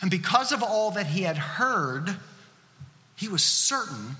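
Guy pastor preaching, kinda high and bouncy voice, big echoey hall. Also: big pitch swings, a little slow, bright, forceful tone. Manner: earnest, conversational preaching with rhetorical questions. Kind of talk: sermon. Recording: reverberant hall.

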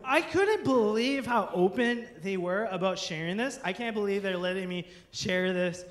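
A man's voice: high voice, moderate pace, roomy sound. A man in his thirties, a pastor, telling a funny personal story from a church stage as part of a sermon, laughing and acting out his friends' voices. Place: church stage before a congregation.

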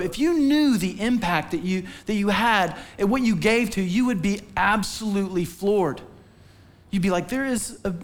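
Male pastor, high voice, sermon delivery, lively storyteller who acts out quotes. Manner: animated storytelling, acts out quotes with sudden pitch jumps. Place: church stage.

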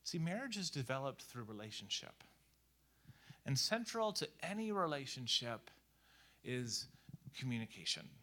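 A man preaching a conversational sermon in a lively, animated way, full of casual fillers. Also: mid-range voice, moderate pace, long pauses. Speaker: pastor.

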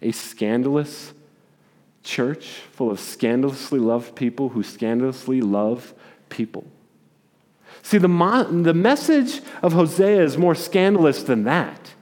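A man preaching a sermon, telling a story in an animated way with repeated words. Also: medium pitch, a little slow. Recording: long hall reverb.

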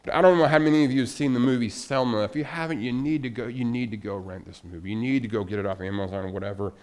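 A man's voice: medium pitch, fast talker. A male pastor preaching a sermon emphatically, with repetition and rhetorical questions.

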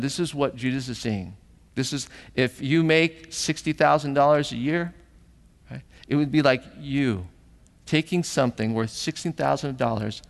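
A man's voice: creaky, long reverb tail. A middle-aged man preaching a sermon as pastor, telling stories animatedly and acting out voices. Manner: animated storytelling, acting out voices with big pitch jumps.

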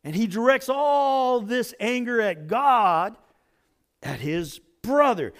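A man preaching a sermon as pastor, dramatic, swinging between loud emphasis and hushed lines. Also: high-pitched, lively intonation, slow, gravelly.

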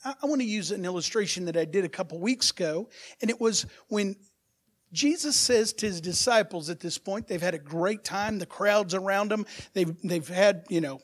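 A man preaching a sermon as pastor, asking his congregation rhetorical questions and swinging from soft asides to loud, emphatic bursts. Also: sits high, moderate pace.

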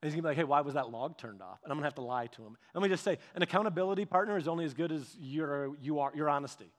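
Man, pastor, sermon, high voice, animated storytelling, repeats his words, long hall reverb. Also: rapid-fire. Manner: animated storytelling with repetitions and restarts.

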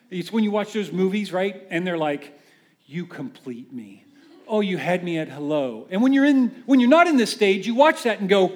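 Guy preaching in a church, kinda high voice, chatty and lively, keeps asking the room stuff. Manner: conversational, animated preaching with rhetorical questions. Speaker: pastor. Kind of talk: sermon.

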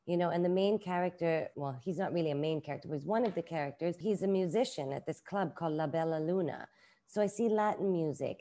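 A woman's voice: lowish voice, dark tone. A middle-aged woman, an author and publisher, talking casually in an interview with many filler words. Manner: chatty, uses many "like" fillers.

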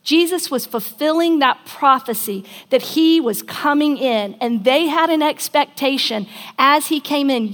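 A woman's voice: high-pitched, expressive, moderate pace, fairly bright tone. Conversational woman preaching a sermon. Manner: conversational storytelling, acting out quotes.

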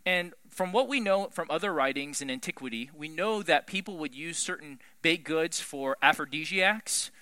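A man preaching a sermon in an animated, emphatic way, swinging between loud pushes and hushed lines. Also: on the high side, normal speed, few pauses, smooth, no echo.

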